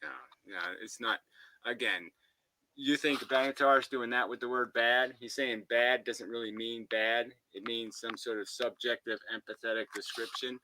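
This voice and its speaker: A man's voice: medium pitch, steady tone, moderate pace, bright, forceful tone, a little hiss or hum, low-quality recording. A man ranting in combative philosophical commentary, profane and abrasive, close to a home mic. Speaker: commentator reacting to a debate.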